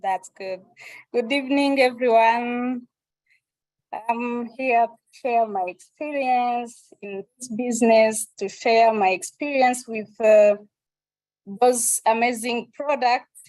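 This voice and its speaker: A woman's voice: a little high, slow pace, darkish tone, no room sound, poor audio. A woman from Rwanda starting a hesitant presentation on a video call, with many fillers. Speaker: guest speaker. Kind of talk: online presentation.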